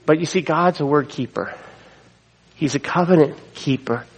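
A man's voice: a little high, normal speed, slightly rough, poor audio. A middle-aged man preaching a sermon, earnest, weaving in scripture quotes and asides. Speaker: pastor.

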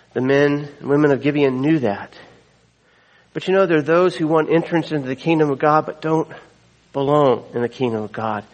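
A man's voice: on the high side, rough recording. A man preaching a sermon as a pastor, retelling the story in a conversational way with asides to the congregation.

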